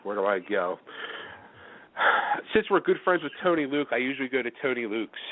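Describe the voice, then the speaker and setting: A man's voice: medium pitch, big pitch swings, brisk. A man hosting a show, chatting with easy, friendly banter over the phone. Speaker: radio host. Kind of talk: casual chat. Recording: tinny phone line.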